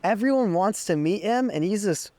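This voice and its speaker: A man's voice: sits high, animated, normal speed, mellow, no room sound. A young man hosting a casual podcast conversation, talking reflectively and filling his sentences with "like". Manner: reflective, many "like" fillers. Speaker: podcast host.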